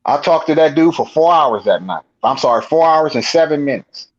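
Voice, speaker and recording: A man's voice: fairly high pitch, lively intonation, brisk, dull audio. A man, a guest on the show, telling his own encounter in a rambling, colloquial way with frequent restarts. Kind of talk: casual storytelling.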